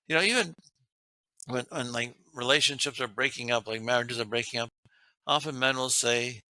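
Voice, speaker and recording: A man's voice: on the high side, steady tone, fairly quick, sharp tone, dry recording. A man, a guest author, talking earnestly about relationships and laughing often as he makes his points. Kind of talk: casual interview talk.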